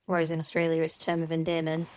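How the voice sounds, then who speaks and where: A woman's voice: sits low, completely flat delivery, very fast, darkish tone, no echo. A woman from the United Kingdom co-hosting a podcast, playful and giggly as she guesses and chats. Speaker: podcast co-host. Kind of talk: casual chat.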